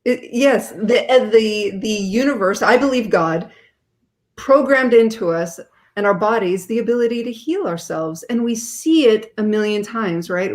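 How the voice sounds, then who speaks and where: A woman's voice: medium pitch, a little mellow. A woman speaking as a guest author in an interview, explaining her ideas in an earnest way.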